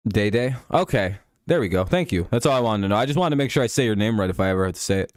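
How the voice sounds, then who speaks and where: Stream host, male, deeper voice, loose profane joker chatting over a game. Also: expressive, rapid-fire, no echo, studio quality. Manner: joking, profane banter with chat, laughs often. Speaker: livestream host. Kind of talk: casual live-stream chat over a football game.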